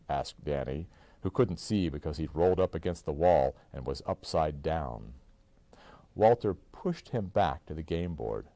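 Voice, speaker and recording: A man reading a children's book aloud to his child, with expressive, animated storytelling. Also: low voice, a little slow, dry recording. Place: indoors.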